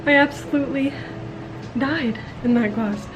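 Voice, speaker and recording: A woman's voice: high-pitched, unhurried. A young woman vlogger telling a story in casual chat, with frequent fillers.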